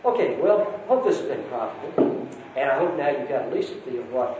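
A man giving a talk to campus ministers, reading a story aloud in an unhurried way. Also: medium pitch, animated, background noise. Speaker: speaker at a Christian campus talk. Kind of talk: lecture with a read-aloud story. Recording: echoey distant lo-fi recording.

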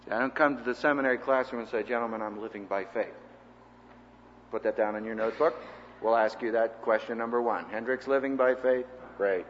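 A man teaching a seminary class in a sermon-style lecture, an animated storyteller who acts out the people he quotes. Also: medium pitch, a little fast, big-room sound, highs cut off, a little hiss or hum.

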